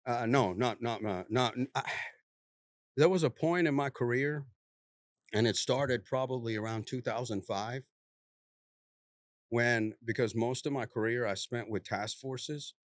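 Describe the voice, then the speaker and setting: A man, a former narcotics task force officer, telling a story in a casual, animated way, laughing often and swearing freely. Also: mid-range voice, measured pace, long pauses, no room sound, clean studio sound.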